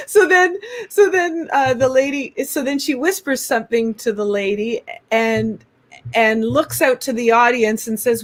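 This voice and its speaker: Animated woman telling a story. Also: on the high side, moderate pace. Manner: animated, acts out quoted voices. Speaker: guest. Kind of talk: casual interview storytelling.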